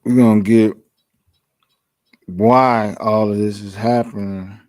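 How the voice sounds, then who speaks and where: A man's voice: on the low side, fairly even intonation, slow, darkish tone, dry recording. A man leading a class, reading a Bible verse aloud and explaining it in plain, earnest words. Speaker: class leader reading scripture. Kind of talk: scripture reading and commentary.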